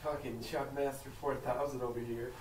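A young man chatting while drinking, giggly and animated as he tells stories. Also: mid-range voice, normal speed. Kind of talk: casual drinking chat. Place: outdoors near bikes. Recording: distant camera, echoey, loud background noise.

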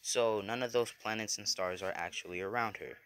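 A man's voice: lowish voice, fairly even intonation, brisk, fairly bright tone, smooth. A man casually narrating a fan-made story, rambling and correcting himself as he goes.

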